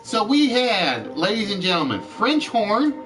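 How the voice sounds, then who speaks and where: A man hosting a live-streamed chat game show, with showy, drawn-out announcing. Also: sits high, wildly swooping pitch, a bit bright, distant mic, soft background music.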